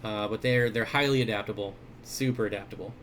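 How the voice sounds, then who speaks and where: Man, livestream host, casual chat, relaxed, short answers, faint background hum. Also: on the low side, fairly quick. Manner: relaxed, chuckling, answers questions briefly with fillers. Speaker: aquarium store owner and livestream host. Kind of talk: casual livestream chat reading viewer comments. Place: indoors, at his fish room or store. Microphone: desk mic.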